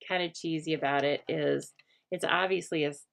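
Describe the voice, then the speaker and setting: A middle-aged American woman hosting a casual crafting chat, talking aloud as she works and often dropping to a soft murmur. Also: low voice, steady tone, normal speed, gravelly. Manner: chatty, thinks aloud, drops to a soft murmur while working. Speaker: craft host.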